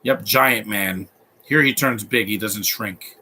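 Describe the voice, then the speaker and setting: A man's voice: on the low side, slow, sharp tone, husky. A man in his thirties giving live movie commentary, opinionated and rambling, often restarting his sentences.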